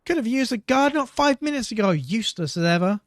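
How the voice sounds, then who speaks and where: A man putting on a brash, high-voiced pirate captain woman. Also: animated, brisk, no room sound, clean studio sound. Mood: scornful. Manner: brash, cursing, scornful. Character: foul-mouthed, tough female pirate captain. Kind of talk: reading a game book aloud with voices.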